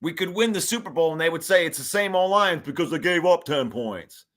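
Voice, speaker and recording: A man hosting a live sports fan show, talking in an animated, hyped way, reading comments aloud and laughing often. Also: fairly high pitch, brisk.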